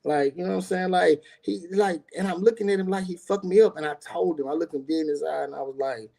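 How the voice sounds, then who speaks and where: A man telling a tense personal story in casual talk, animated, acting out quotes, with many fillers and swearing. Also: high-pitched, quick pace, vocal fry, few pauses. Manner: animated, acts out quotes, frequent fillers and profanity.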